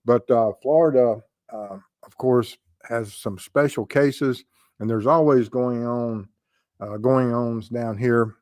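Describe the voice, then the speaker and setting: A man's voice: medium pitch, steady tone, takes it slowly, a little mellow, no echo, clean studio sound. An older man hosting a casual true crime livestream, rambling with many ums and uhs as he greets viewers in the chat.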